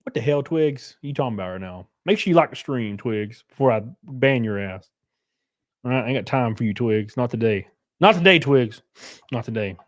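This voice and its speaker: A man's voice: medium pitch, brisk, darkish tone. A man in his thirties hosting a live stream, chatting casually and joking back at his chat. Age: 30s. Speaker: livestream host.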